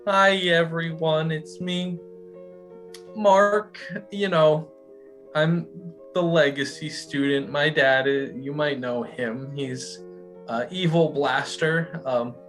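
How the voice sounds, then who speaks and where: A man's voice: a little high, steady tone, takes it slowly, fairly bright tone, soft background music. A man voicing the awkward teenage son of a supervillain who keeps interrupting himself, in improvised comedy. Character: teen son of a supervillain, dreams of acting.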